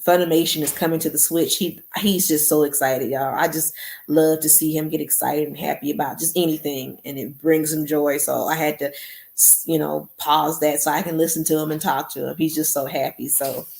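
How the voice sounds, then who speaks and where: A woman hosting a podcast, reading a novel aloud and breaking off for relaxed, casual chat with her listeners. Her voice is on the low side, and the room gives it a clear echo. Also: normal speed. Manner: casual, chatty, says "y'all". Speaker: podcast host. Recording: echoey room.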